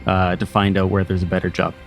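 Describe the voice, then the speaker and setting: A man's voice: low voice, monotone, fast talker, faint music behind. A man playing a tabletop game, talking casually and joking about his character. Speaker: player.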